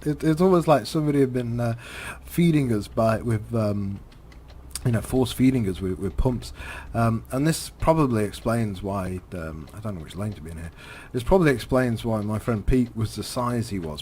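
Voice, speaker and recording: With a little hiss or hum in the background, a man with a mid-range voice commentates on a driving game. He rambles through a story haltingly, full of fillers and repeated words, chuckling as he talks.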